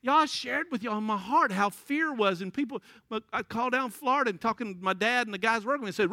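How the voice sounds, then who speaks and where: High, bright-voiced man preaching. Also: animated, moderate pace, no room sound, clean studio sound. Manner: folksy, storytelling, laughs often. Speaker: pastor. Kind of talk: sermon.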